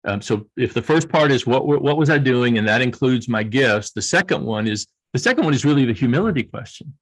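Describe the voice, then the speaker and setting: A man's voice: mid-range voice, expressive, brisk. Earnest middle-aged Southern US man. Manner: earnest, repeats and restarts phrases. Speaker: guest, leadership coach. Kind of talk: reflective coaching talk.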